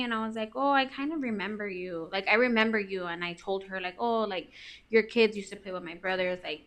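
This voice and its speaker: Chatty woman, bright voice. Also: medium pitch, fairly quick. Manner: chatty, says "like" constantly, swears, acts out quoted lines. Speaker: podcast co-host. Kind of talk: casual storytelling chat.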